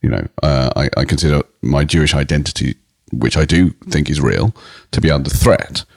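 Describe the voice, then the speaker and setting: A man's voice: extremely low pitch, fairly quick, vocal fry, darkish tone, dry recording, studio quality. A middle-aged British man, a comedian, telling stories in a rambling way with frequent restarts. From Britain. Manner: rambling, self-interrupting storyteller with frequent restarts. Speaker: comedian guest. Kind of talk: casual interview chat.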